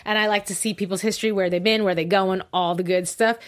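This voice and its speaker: A young woman co-hosts a live online show, chatting casually, laughing readily and tossing in self-deprecating asides. Her voice is medium-pitched and steady, and she talks fast.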